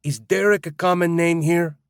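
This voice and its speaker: A man's voice: fairly high pitch, steady tone, normal speed, smooth, no echo, clean studio sound, voice pushed up, close to an everyday voice. A male narrator playing a hot-tempered, desperate young man with a strange accent, curt and threatening. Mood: urgent.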